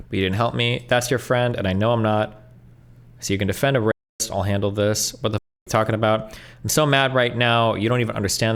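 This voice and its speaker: Male streamer, mid-range voice, reads messages aloud quickly and cuts in with blunt, profane asides. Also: medium pitch. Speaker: streamer reacting to online posts. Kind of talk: reading messages aloud with commentary.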